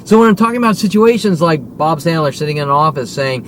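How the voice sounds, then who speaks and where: A man's voice: a little high, expressive, quick pace, few pauses, a bit bright, slight background noise. A man in his forties delivering a heated, profane rant to camera, repeatedly demanding "okay?". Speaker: vlogger. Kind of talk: angry ranting monologue.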